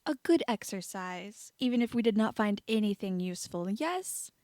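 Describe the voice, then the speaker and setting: A woman reading the part of a calm male Auror with measured, formal speech. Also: medium pitch, no echo, clean studio sound, lightly acted. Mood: mild.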